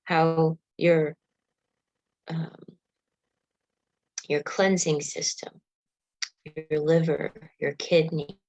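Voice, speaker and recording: A woman leading a guided meditation, coaching listeners gently through affirmations, yawns and stretches. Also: deep voice, level tone, very slow, long pauses, no echo, lo-fi sound. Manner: leads yawning and stretching exercises.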